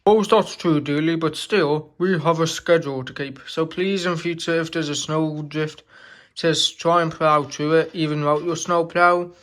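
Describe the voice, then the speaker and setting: A man plays a bossy male railway controller who fusses about the schedule. He gives orders in a fairly high voice, with pauses and little fillers. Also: fairly even intonation, fairly bright tone, lightly acted. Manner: bossy, hurried instructions.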